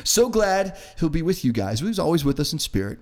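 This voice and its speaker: Male podcast co-host, jokey and lively, with a slightly high voice. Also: brisk. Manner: jokey, animated, reads listener comments. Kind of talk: casual chat.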